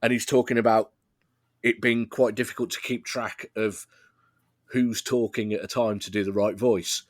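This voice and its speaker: Podcast guest guy, lowish voice, loose and rambly, dry close sound. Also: flat delivery, moderate pace, no echo. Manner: rambling, fond of filler words, laughs easily. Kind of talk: casual podcast chat.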